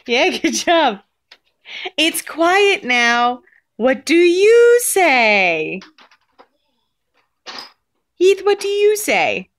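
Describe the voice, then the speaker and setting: Slow, lilting mother reading to a baby. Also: high voice, sing-song, fairly bright tone. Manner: slow sing-song baby talk, imitating animal sounds. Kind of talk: reading a picture book aloud to a baby.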